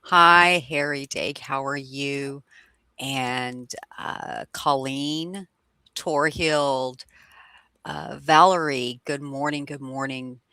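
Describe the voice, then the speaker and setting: A woman guest co-hosting a livestream, talking casually in a relaxed way with lots of fillers. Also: extremely low pitch, clear, resonant tone, no echo. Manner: relaxed, slow, with frequent fillers. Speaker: guest co-host.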